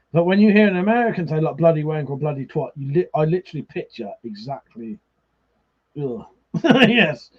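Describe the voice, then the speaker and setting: A man's voice: on the high side, lively intonation, normal speed, slightly rough. A drunk man hosts a livestream, chatting casually, reading out viewer comments, swearing freely and laughing often. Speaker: livestream host. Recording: slightly muffled livestream audio.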